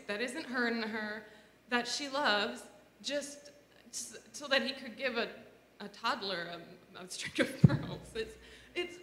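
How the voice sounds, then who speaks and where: A woman's voice: mid-range voice, sharp tone. A woman giving a reflective personal talk in a conversational way, with many fillers and restarts. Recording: echoey room with long reverb, faint noise.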